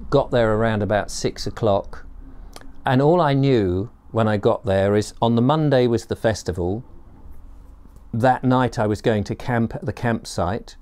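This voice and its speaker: A man with a fairly low voice tells a personal story to camera. He rambles in a chatty way, pausing on ums and restarting his sentences as he remembers. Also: a little mellow. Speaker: storyteller and performer.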